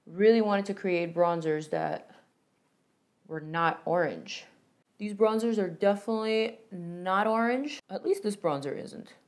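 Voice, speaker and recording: A woman's voice: medium pitch, big pitch swings, unhurried, a little mellow. A young woman beauty vlogger chatting enthusiastically through a makeup tutorial and product review, with playful asides.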